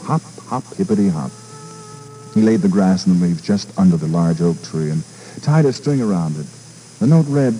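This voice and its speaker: A man, a radio disc jockey, reading a children's story aloud with an expressive delivery and small stumbles and repeats. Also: low voice, normal speed, faint music behind, poor audio. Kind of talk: storybook narration.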